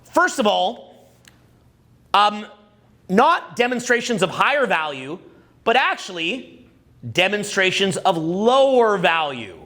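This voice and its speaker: A man with a high voice leads a live dating seminar. He talks crudely and jokes constantly. He keeps quizzing the audience and has them repeat key terms back. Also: big pitch swings, slow pace, long pauses, sharp tone. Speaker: dating coach.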